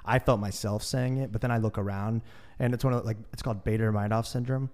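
A podcast host with a lowish, slightly mellow voice and fairly even intonation speaks fast. He runs a casual interview in an easygoing way, asking follow-up questions and joking along with his guest.

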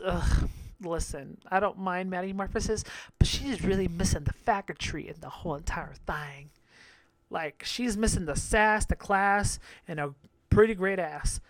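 A man's voice: sits high, a bit bright, no echo. A man giving casual episode commentary on a reality show, sassy, crude and gossipy, laughing often.

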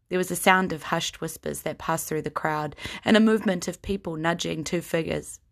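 Woman gm narrating a fantasy tale, steady, lowish voice. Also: normal speed, vocal fry, few pauses. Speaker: narrator and game master. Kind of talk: narrating a fantasy story in a tabletop game.

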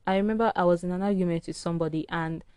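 A woman's voice: fairly low pitch, steady tone, rapid-fire, darkish tone, clean tone, dry recording. A tired woman hosting a solo podcast, rambling frankly in a casual early-morning rant. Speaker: podcast host. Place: indoors at home early morning.

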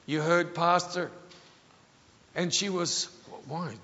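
Man preaching, slow, high-pitched, echoey church hall, dull recording. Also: lively intonation, a bit bright. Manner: leads the congregation in call-and-response. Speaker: pastor. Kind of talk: sermon.

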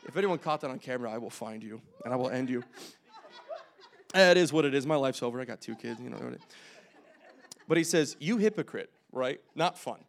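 A young man preaching a casual, conversational sermon, joking and making quick asides as he works through scripture. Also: mid-range voice, expressive, vocal fry. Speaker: pastor.

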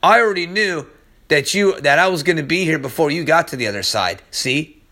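A man giving an informal podcast sermon, swinging between loud exclaiming and quiet prayer. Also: on the high side, lively intonation, fairly quick. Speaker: preacher.

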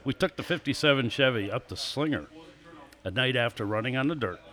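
An older man in his sixties, a guest on a live show, relaxed and chatty as he tells his stories. His voice sits in an ordinary middle pitch and breaks into small chuckles between stories. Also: brisk. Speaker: guest, former stock car racer. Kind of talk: casual storytelling interview.

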